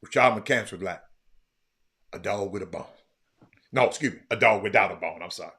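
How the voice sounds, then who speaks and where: Low husky dude ranting about sports, gets loud when quoting folks. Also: male voice, a little fast. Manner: animated storytelling, loud bursts when quoting others. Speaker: podcast host. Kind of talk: casual commentary.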